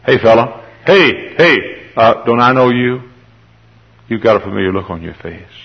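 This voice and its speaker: A curious passerby who asks questions in a halting, friendly way, acted out by a preacher. The voice is husky and gravelly. The recording is muffled and lo-fi. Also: male voice, lowish voice. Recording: dull lo-fi sermon recording.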